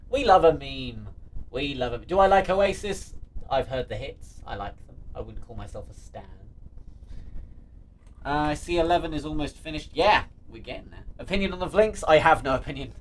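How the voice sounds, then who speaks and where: A man chatting casually on a live stream, reading viewer comments aloud, excitable and often laughing, swearing freely. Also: on the high side, normal speed, pauses often. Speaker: streamer answering live chat.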